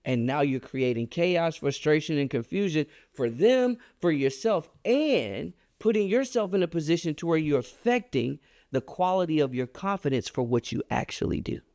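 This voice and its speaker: A man telling a personal story on a podcast, animated and emphatic in a casual, colloquial way. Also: moderate pace, hardly any pauses, no echo, clean studio sound. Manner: animated, emphatic storyteller with a wide pitch swing; casual and colloquial, reflective when making his point.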